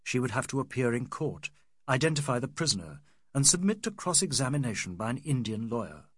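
A male audiobook narrator reads a literary novel in a measured, expressive manner, his pitch moving freely across phrases. His voice is husky and sits close and dry, with no room sound. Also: no room sound.

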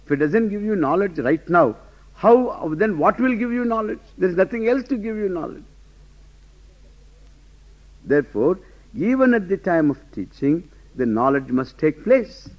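Emphatic high-voiced man lecturing. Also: very animated, normal speed. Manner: rhetorical questions, emphatic, laughing asides. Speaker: Vedanta teacher. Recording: dull lo-fi lecture recording.

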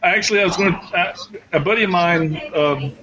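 A man's voice: high voice, fairly quick. A man co-hosting a casual podcast, telling long rambling stories with many restarts. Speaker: podcast co-host. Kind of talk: casual chat. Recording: dull, noisy podcast recording.

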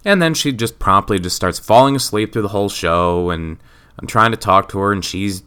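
A man hosts his own podcast alone, ranting in a loose, sarcastic, profane way. His voice sits a little low but sounds bright and crisp, with a clean, smooth tone. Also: normal speed. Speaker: podcast host. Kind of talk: casual solo rant.

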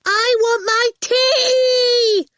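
A woman's voice: extremely high pitch, very animated, slow, a bit bright, dry recording, studio quality, pitched above the performer's own voice, exaggerated voice. A woman voicing a bratty eight-year-old girl with a piercing, demanding voice, in an audiobook. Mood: yelling.

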